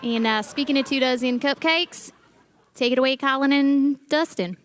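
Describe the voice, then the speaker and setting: A woman's voice: high voice, normal speed, slight background noise. A woman co-hosting a church volunteer awards stream, hamming it up in a put-on Southern accent with playful, self-mocking banter.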